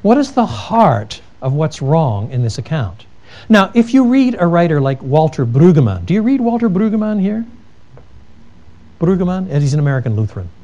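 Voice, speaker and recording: A man's voice: fairly high pitch, big pitch swings, moderate pace, warm tone, highs cut off. A man giving an earnest theology lecture, telling stories with emphatic repetition and frequent restarts. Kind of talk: lecture with told anecdotes.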